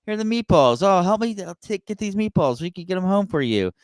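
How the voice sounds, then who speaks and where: A doting older aunt fusses over her nephew and keeps pressing food on him, in a voice pitched well up from the man's own. Her chatter is eager and insistent, and the sound is smooth and dry. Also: animated, fast, a little mellow, no echo, close to an everyday voice. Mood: coaxing. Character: fussy doting Italian-American aunt, older woman.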